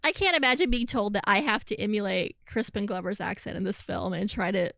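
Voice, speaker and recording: A woman co-hosting a podcast, chatting casually about a film, animated, laughing often and swearing freely. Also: medium pitch, fairly quick, vocal fry, slight background noise. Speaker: podcast co-host. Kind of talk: casual film review chat.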